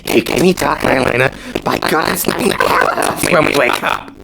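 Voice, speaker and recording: A man voicing a haughty, radiant heroine who talks loudly and grandly, over music. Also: mid-range voice, unhurried, gravelly, noisy background. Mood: indignant. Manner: loud, grandiose. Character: haughty radiant heroine, woman, self-proclaimed boss. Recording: loud music underneath.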